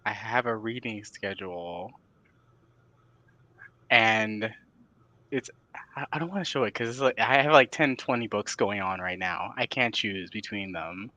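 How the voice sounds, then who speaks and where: A man co-hosting a casual chat, playful and teasing, with quick asides. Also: fairly low pitch, sharp tone, no room sound. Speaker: co-host.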